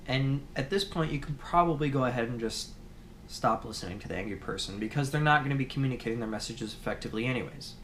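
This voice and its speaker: A man teaching a course in a conversational video lecture, often restarting sentences and pausing with fillers. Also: medium pitch, a little hiss or hum. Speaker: course instructor.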